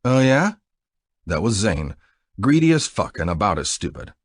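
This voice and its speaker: A man giving an expressive, dramatic audiobook narration. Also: deep voice, normal speed, dry recording, studio quality.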